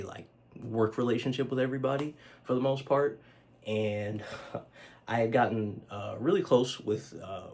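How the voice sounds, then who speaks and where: A man's voice: fairly low pitch, darkish tone. A man telling a personal story to camera in a loose, conversational way, with lots of fillers and casual swearing. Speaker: vlogger.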